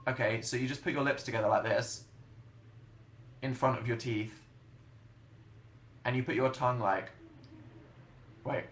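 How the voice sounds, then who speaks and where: A man's voice: mid-range voice, fairly even intonation, measured pace, long pauses, very noisy. A young English man hosting a casual livestream, rambling and self-mocking as he answers chat questions. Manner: rambling, self-mocking, chatty with frequent laughs. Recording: roomy home webcam sound.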